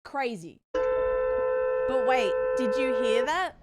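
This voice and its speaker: A woman's voice: a little high, lively intonation, unhurried, loud music behind the voice. Giggly young woman streamer. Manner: giggly, rambling, blurts crude jokes. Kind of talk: casual livestream chat.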